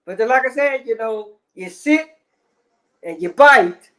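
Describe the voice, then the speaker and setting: A man's voice: very high-pitched, expressive, measured pace, fairly bright tone. A man ranting in casual commentary, heavy on swearing and repeated fillers. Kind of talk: profane rant.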